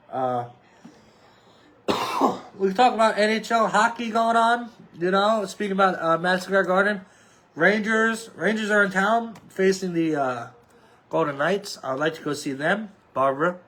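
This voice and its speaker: High-voiced rambling man in his thirties. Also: fairly bright tone. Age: 30s. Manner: rambling, offhand, with frequent fillers and restarts. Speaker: podcast host. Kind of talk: casual solo sports chat.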